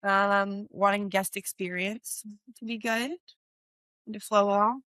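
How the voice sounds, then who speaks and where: Brief: young woman planner-host, bright tone, dry close sound, filler-heavy casual chat. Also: mid-range voice, steady tone, slow, no echo. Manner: chatty, many fillers like "um" and "like". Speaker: podcast host, wedding planner.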